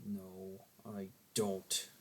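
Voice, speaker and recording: Man voicing a curt cold young woman, flat and quiet, low slow delivery. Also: slight background noise, heavily acted.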